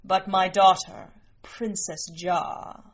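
A woman voicing a gracious, regal queen who speaks slowly and sweetly. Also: on the low side, fairly even intonation, lo-fi sound. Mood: stately. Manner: slow, stately and honeyed.

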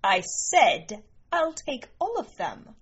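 Bossy, excitable young princess, pitched up high and bright, as a woman narrator puts her on. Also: slow, muffled recording, exaggerated voice. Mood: eager. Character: eager, pampered young jungle princess.

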